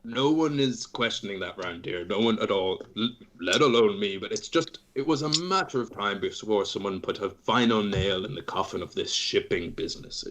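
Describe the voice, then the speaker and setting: A man voicing a greedy, money-loving human brewery boss who speaks smoothly and with false sympathy. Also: fairly low pitch, normal speed, hardly any pauses, fairly bright tone, slight background noise, natural voice. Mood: smug.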